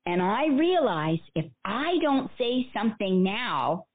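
A woman guest speaker telling personal stories in an interview, earnest and animated. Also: medium pitch, slow. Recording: phone-like narrow band.

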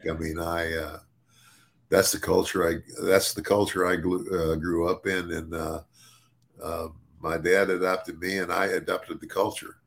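An older man, a podcast co-host, talking casually in a halting way, with many restarts and repeated words. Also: sits low, flat delivery, gravelly, a bit bright, a little hiss or hum. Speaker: podcast co-host and former wrestler.

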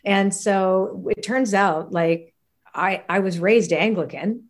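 A woman from Canada, a guest in an interview, telling stories from her childhood in an animated way, often laughing and acting out the people she quotes. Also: medium pitch, a little slow. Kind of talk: personal storytelling in conversation.

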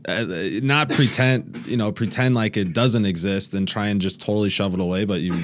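Relaxed, low-voiced man from Nebraska. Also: a little fast, slight background noise. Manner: relaxed, self-deprecating, laughs easily. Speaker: podcast guest. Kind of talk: casual interview chat.

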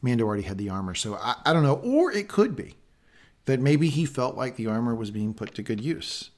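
A man hosting a casual podcast recap, talking in an excitable, animated and profane way. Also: mid-range voice, fairly quick. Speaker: podcast host. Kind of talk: casual chat, show recap.

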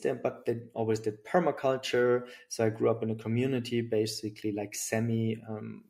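A man's voice: lowish voice, flat delivery, normal speed, vocal fry, hardly any pauses, darkish tone. A middle-aged man with a German accent, talking thoughtfully as an interview guest, with many fillers and restarts. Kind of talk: reflective interview talk.

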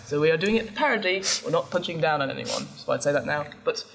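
Low-voiced woman game master. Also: lively intonation, fast, gravelly. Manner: chatty, explains rules, laughs often. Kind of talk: live tabletop game hosting. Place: live event stage before an audience.

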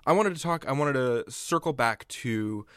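A man hosting a podcast asks his guest questions in an easy, conversational tone. His pitch moves around a lot as he speaks. His voice sounds dry and close, with no room echo. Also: lively intonation, normal speed, fairly bright tone, clean tone. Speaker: podcast host. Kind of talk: interview questions.

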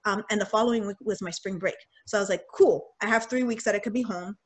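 A young woman telling a personal story in casual talk, candid and animated, acting out what people said. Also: medium pitch, quick pace. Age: young adult. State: getting choked up. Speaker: guest sharing a personal story.

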